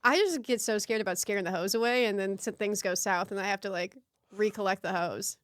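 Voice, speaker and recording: A young woman co-hosts a loose comedy podcast and rambles through her stories. Her sentences trail off and she fills them with "like", in a smooth, clear voice. The sound is dry and close. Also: mid-range voice, brisk, no echo. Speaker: podcast co-host. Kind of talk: casual comedy podcast chat.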